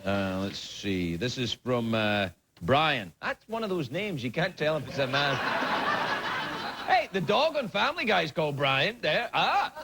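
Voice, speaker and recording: A man hosting a late-night talk show, reading viewer mail with a rambling, playful manner and frequent laughter. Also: on the high side. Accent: Scottish. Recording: TV studio with loud audience noise. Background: audience laughter.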